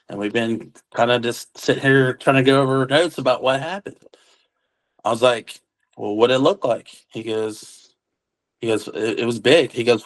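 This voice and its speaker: Recounting something he saw, a witness speaks in an average-pitched male voice, keeping the story casual and chatty. Quoted lines get performed in character, casual military jargon slips in throughout, and the recording quality is poor.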